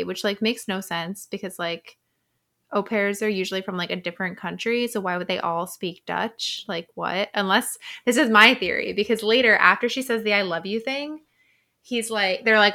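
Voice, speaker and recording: A young woman in casual podcast chat, playful and quick to explain, often laughing. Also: mid-range voice, bright, forceful tone, dry recording, clean studio sound.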